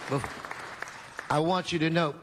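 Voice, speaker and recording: A man chairing a city council meeting, joking easily between brisk procedural calls. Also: a little high, steady tone, a crowd in the background, noisy background.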